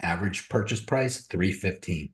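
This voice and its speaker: A man with a low voice and moderate pace hosts a crypto trading webinar from a room on a video call. He speaks casually, as on a live stream, handing out blunt motivation, and the sound is roomy.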